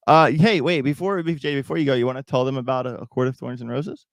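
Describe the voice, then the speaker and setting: A man's voice: medium pitch, fast, few pauses, no room sound, clean studio sound. A man hosting a crypto livestream in casual, rambling talk, often restarting and repeating himself while addressing viewers. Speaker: crypto YouTube host.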